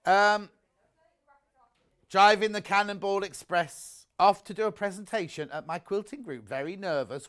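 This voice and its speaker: A man with a high-pitched, somewhat bright voice hosts a live home shopping broadcast, chatty and gushing as he shows off products and reads out messages from viewers.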